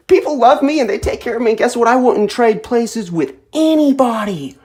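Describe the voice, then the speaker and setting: A woman in her twenties in an emotional direct-to-camera monologue, tearful, intense and repetitive, swinging between quiet and loud. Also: a little high, expressive, moderate pace. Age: 20s. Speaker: vlogger.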